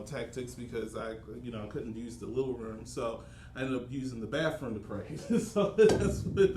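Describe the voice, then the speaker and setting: A grown son talking casually with his father, halting with many fillers and chuckling often. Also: mid-range voice, darkish tone. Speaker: church executive director, adult son. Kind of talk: casual family chat. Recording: roomy, distant mic with faint noise.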